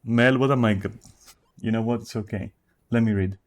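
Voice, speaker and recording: A man's voice: fairly low pitch, fairly even intonation, normal speed. A man streaming live, reading chat messages aloud and reacting with profane, mocking commentary.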